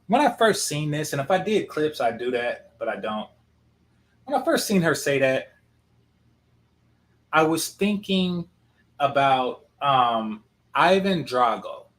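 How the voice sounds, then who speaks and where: A man's voice: fairly high pitch, sing-song, slow pace, long pauses, fairly bright tone. A man commenting on a video clip in a blunt, sarcastic, casual way.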